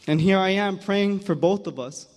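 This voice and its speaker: A man's voice: high-pitched, darkish tone. A young man telling a personal story on stage at an awards event, earnest and emotional, often repeating words as he goes. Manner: earnest, emotional, halting repetitions. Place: large hall. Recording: hall reverb from a big room.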